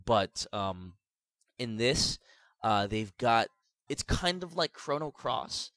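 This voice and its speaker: A man's voice: takes it slowly, no room sound. Rambling man in casual game chat. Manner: rambling, many restarts and "like", animated pitch swings. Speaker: podcast co-host. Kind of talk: casual chat about video games.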